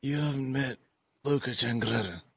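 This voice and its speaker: A man's voice: medium pitch, gravelly, breathy edge, no room sound, clean studio sound. A man co-hosting a podcast, talking casually and jumping into impressions. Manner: animated, quick to do impressions. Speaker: podcast co-host. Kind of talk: casual chat.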